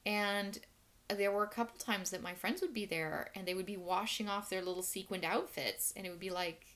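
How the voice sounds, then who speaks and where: A woman's voice: medium pitch, fairly even intonation, moderate pace, a bit bright. A woman casually telling stories from her past work in a frank, wry, matter-of-fact way, chatty and full of restarts. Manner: chatty with many fillers and restarts. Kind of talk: casual monologue storytelling.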